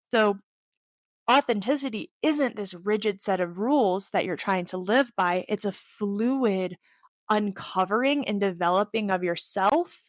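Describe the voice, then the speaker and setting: A woman's voice: medium pitch, no echo, clean studio sound. A woman in her thirties speaking casually to camera about personal growth, earnest and open, drifting into tangents with self-deprecating humor. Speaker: athlete sharing reflections on her channel. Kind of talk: casual reflective talk to camera.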